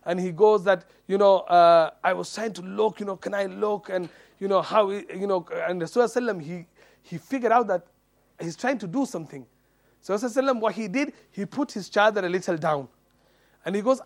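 High-pitched preacher man, acts out the dialogue, lots of uhs and you knows. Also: quick pace. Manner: animated retelling, acts out quoted dialogue, many fillers. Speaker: Islamic preacher. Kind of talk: storytelling sermon.

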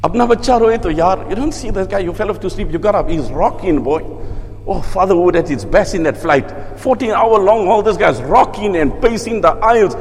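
A male preacher with a high voice tells stories with lively asides, breaking into chanted recitation. A long reverb trails each phrase, as in a large hall. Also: a little fast. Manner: storytelling, lively asides, mixes in Arabic recitation. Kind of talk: sermon.

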